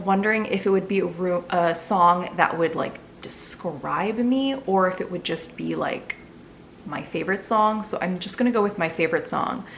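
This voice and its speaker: A woman's voice: lowish voice, fairly bright tone, a little hiss or hum. A young woman chatting casually in a vlog, answering viewer questions with lots of fillers. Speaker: book vlogger.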